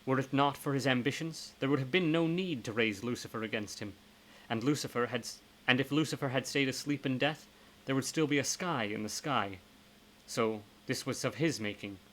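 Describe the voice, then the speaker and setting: A man's voice: medium pitch, moderate pace, poor audio. Man narrating a horror novel live. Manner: steady narration with self-corrections. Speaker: reader.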